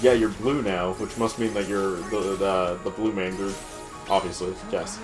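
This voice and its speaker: A man's voice: low voice, steady tone, normal speed, music in the background. A young man casually commenting on a video game while playing, laughing often and swearing freely. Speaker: let's play host.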